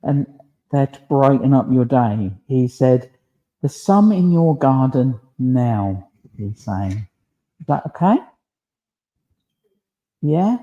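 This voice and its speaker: A man working as a medium in a church service, gently relaying spirit messages and checking in with a questioning "yeah?" after nearly every phrase. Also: mid-range voice, animated, slow pace, long pauses, highs cut off. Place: village hall.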